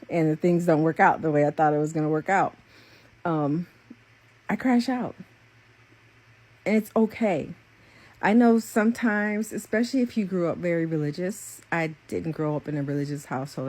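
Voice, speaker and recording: A young woman with a low, husky voice talks through a spiritual message as a psychic reader. She rambles and repeats herself, earnest and openly emotional, in a loose confessional chat. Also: a little mellow. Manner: earnest, rambling and repetitive, with many fillers.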